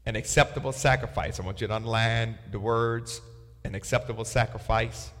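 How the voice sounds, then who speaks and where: A man's voice: medium pitch, fairly even intonation, a little fast, a bit bright, long reverb tail. A man leading a Bible study, reading verses aloud and telling listeners what to underline and circle. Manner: reads scripture aloud with marking instructions. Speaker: pastor.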